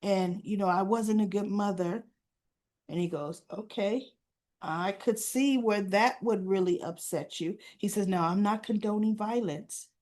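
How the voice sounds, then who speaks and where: A woman casually recapping soap opera scenes, acting out the characters' lines and talking back to them with animated indignation. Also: medium pitch.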